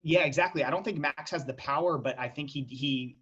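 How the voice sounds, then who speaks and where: A man's voice: a little high, fairly quick, fairly bright tone, muffled recording. A man in a casual podcast chat about fight bets, talking loosely with frequent restarts and tangents. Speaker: podcast co-host. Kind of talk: casual sports betting chat.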